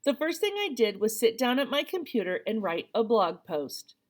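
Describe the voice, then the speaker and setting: Woman audiobook reader, bright higher voice, expressive dialogue. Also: moderate pace. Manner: voices dialogue with lively rising pitch. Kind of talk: first-person novel narration.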